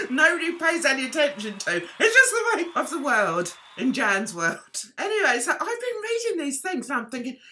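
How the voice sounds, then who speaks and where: Animated high-voiced woman vlogger. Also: moderate pace, slight background noise. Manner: animated, indignant and chatty, with sudden outbursts. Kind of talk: opinionated commentary vlog.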